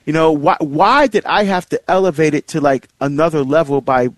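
A middle-aged man with a somewhat high voice, heard in a dry, close recording with no room sound. He hosts a marriage series and tells a personal story in a loose, rambling way. His talk is full of fillers and restarts, and his pitch leaps up sharply when he stresses a point. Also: fairly quick, no room sound.

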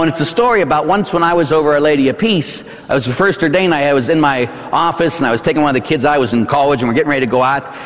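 A middle-aged Catholic priest with a Pittsburgh accent, preaching a sermon in a church in a conversational way, often tagging lines with "huh?" and "right?". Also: male voice, mid-range voice, long reverb tail. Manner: conversational preaching with rhetorical tag questions.

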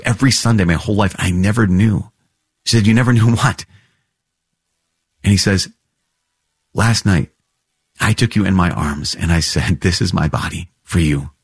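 Deep husky man teaching on a podcast. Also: dry recording, studio quality. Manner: earnest, animated storytelling with chuckles. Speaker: priest podcast host.

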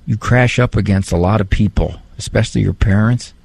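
An animated man talking about parenting with a gravelly, husky edge to his voice. His pitch swings widely as he jumps into playful impressions. The sound is close and dry. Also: brisk, no echo. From Italian heritage. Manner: animated, mimics voices for humor. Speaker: psychologist. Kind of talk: casual talk on parenting and faith.

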